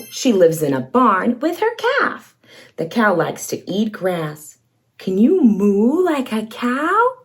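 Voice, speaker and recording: A woman's voice: high voice, a little mellow. A woman hosting a toddler learning video, reading aloud in an exaggerated sing-song voice, with gasps, cheers and animal sounds. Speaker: children's educational show host.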